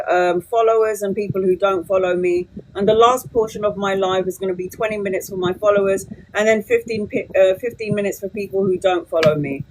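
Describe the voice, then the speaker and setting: A woman's voice: medium pitch, a little hiss or hum, low-quality recording. Blunt, sweary tarot reader woman. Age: 40s. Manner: blunt and sweary, quick to vent. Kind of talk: casual live-stream talk.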